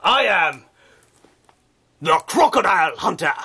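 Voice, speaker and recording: A man's voice: high voice, big pitch swings, unhurried, creaky, pushed and bright, husky, heavily acted. A man voicing a crude, cheeky crocodile guest on a comedy vlog, with a put-on Australian accent and mock-offended banter.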